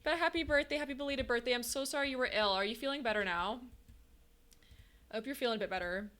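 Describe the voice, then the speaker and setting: A woman game streamer chatting casually with her viewers, talkative and quick to laugh as she answers chat. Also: fairly high pitch, fairly bright tone.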